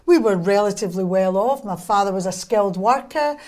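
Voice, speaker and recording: A Scottish woman appears as an interview guest, chatting casually and telling lively stories full of quick, wry humour. Her voice is mid-range.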